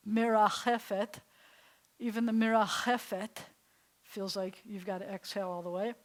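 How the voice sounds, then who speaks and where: A woman's voice: mid-range voice, steady tone, moderate pace, low-quality recording. Woman rabbi teaching a Hebrew class. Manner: warm, playful, savors words, drops to a soft whisper for effect. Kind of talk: adult class lesson.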